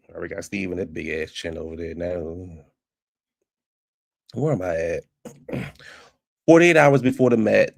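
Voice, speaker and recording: Sassy low-voiced man dishing gossip. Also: gravelly, a little mellow, no room sound, clean studio sound. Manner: sassy, gossipy, talks straight to viewers. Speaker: reality show recap host. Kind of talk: casual recap commentary.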